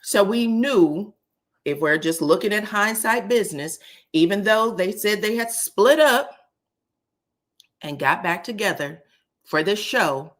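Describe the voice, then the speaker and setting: A woman doing casual live-stream commentary, chatty and animated, talking straight to her chat. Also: mid-range voice, unhurried. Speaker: livestream commentator.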